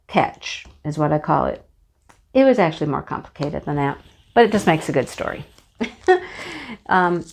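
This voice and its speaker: Woman host in her fifties, casual storyteller with a somewhat low voice; chatty, laughs a lot, lots of fillers. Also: darkish tone. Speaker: craft channel host.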